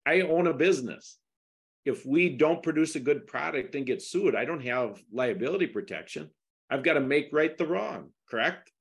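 A man's voice: fairly high pitch, lively intonation, normal speed, husky. A middle-aged man talking through a legal case in a casual interview, emphatic and turning to indignant questions. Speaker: podcast guest discussing a lawsuit.

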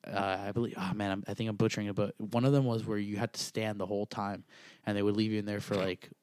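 A man's voice: fairly low pitch, flat delivery, quick pace, a little mellow, clean tone, dry recording. A young man telling rambling stories in casual chat as a podcast co-host, full of likes and fillers.

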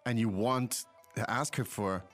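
A man's voice: lowish voice, steady tone, measured pace, soft background music. A man who is a native English speaker, hosting a language podcast and explaining phrases in a casual, chatty way. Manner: chatty, explanatory, prompts co-host. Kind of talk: casual teaching chat.

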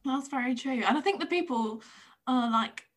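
A woman's voice: sits high, normal speed. A woman from England hosting a casual interview chat, chatty and laughing often, with hesitant restarts. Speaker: podcast host.

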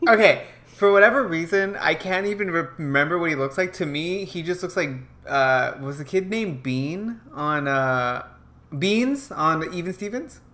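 Bright-voiced bantering male co-host. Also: a little high, expressive, normal speed. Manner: laid-back banter, swears casually. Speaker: podcast co-host. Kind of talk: casual podcast chat.

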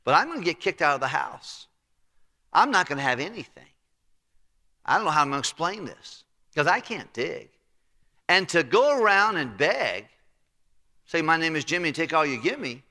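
A man's voice: on the high side, very animated, normal speed, pauses often, sharp tone, long reverb tail, exaggerated voice. A man voicing a lazy male steward who fears being fired, muttering in fretful, casual slang. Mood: worried. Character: lazy, panicking male steward facing firing.

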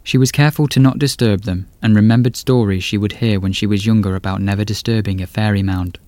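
Deep-voiced man narrating a dark tale. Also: fairly even intonation, fast talker, dry recording. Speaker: horror podcast narrator. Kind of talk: scripted story narration.

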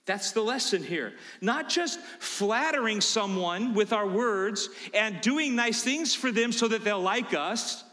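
A man preaching a sermon as pastor, emphatic, swinging from low asides to loud preaching. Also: animated, measured pace, few pauses, in a large hall.

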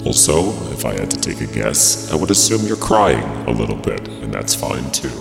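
Man as a very deep, crude self-help tape narrator, recorded in an echoey hall over music. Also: sing-song, moderate pace, full character voice. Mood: mock soothing. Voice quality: very deep and gravelly. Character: gravel-voiced male self-help tape narrator, soothing but crude.

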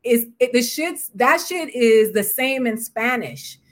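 A woman's voice: fairly high pitch, animated, unhurried, fairly bright tone. Blunt, profane woman podcast host. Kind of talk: casual comedic chat.

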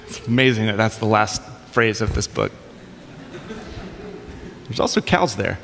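A man's voice: on the low side, unhurried, creaky, pauses often, a bit bright, big-room sound, a little hiss or hum. A man preaching a sermon in a conversational way, with casual asides. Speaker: pastor.

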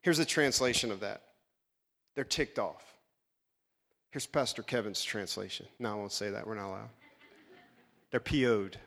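Animated pastor preaching in a reverberant hall. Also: male voice, lowish voice, normal speed, vocal fry, pauses often. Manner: acts out Bible characters in funny voices. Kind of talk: animated sermon.

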